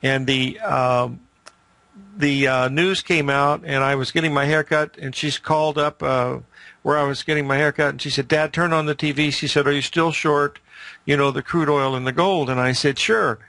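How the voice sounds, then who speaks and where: A man's voice: fairly high pitch, fairly even intonation, moderate pace, pushed and bright, dry recording. An older man hosting a market show, telling rambling, emphatic stories in casual commentary.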